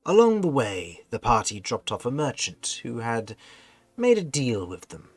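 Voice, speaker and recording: Lively dry-voiced man narrating a game. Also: mid-range voice, no echo. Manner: theatrical storyteller recap, drawn-out phrasing. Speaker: game master.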